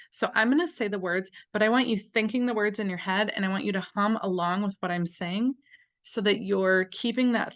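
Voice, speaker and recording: A woman leading a guided tapping exercise, speaking gently and slowly with repeated phrases for the listener to follow. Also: mid-range voice.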